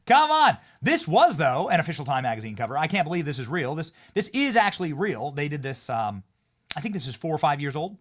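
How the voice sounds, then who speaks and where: A man hosts a commentary show in a high, hyped voice. His pitch swings widely, and he riffs with jokes and sudden loud bursts. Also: very animated, fast talker. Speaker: show host. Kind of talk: excited political commentary show.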